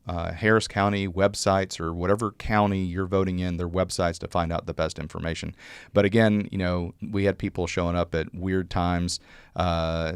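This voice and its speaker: Man, low clean dry voice, rambling storyteller. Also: clear, resonant tone, no room sound. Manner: rambling, halting with many restarts and fillers. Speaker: poll watcher recounting experiences. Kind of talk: casual storytelling chat.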